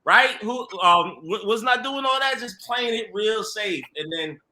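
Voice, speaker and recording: Bright animated man, echoey room. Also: high voice, measured pace. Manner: animated storyteller, laughs often, slangy. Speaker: TV producer guest. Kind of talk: casual podcast conversation.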